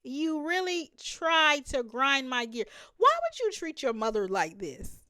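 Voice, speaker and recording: A reaction channel host talks a little slowly in a high, very animated voice with a sharp tone. Her emphatic commentary to viewers is full of laughter, captured in a dry recording with clean studio sound.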